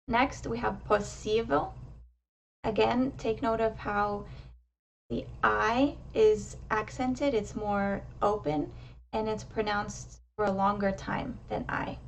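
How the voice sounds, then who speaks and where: A woman teaching pronunciation, explaining step by step and modelling each word slowly and with emphasis. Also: fairly high pitch, creaky, distant mic, a little hiss or hum. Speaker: language teacher. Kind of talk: slow, careful pronunciation lesson.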